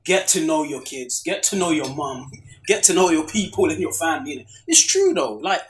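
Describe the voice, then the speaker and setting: A man hosting a casual food show chat, relaxed and laughing often. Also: on the high side, normal speed, a little hiss or hum. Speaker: host.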